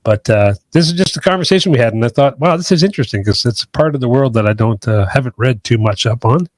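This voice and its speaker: A man's voice: mid-range voice, quick pace, dry recording. A man co-hosting a podcast, chatting casually and rambling with hedges and restarts. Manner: rambling, hedging, many restarts. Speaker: podcast co-host.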